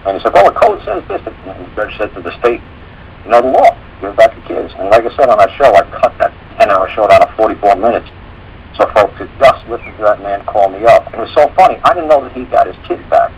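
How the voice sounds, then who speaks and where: A man with a fairly low voice tells stories on a talk radio show, rattling along at a brisk clip. He rambles and slips into the voices of the people he quotes. A faint hiss of noise sits under the recording. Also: highs cut off. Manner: rambling storytelling, acts out quoted dialogue.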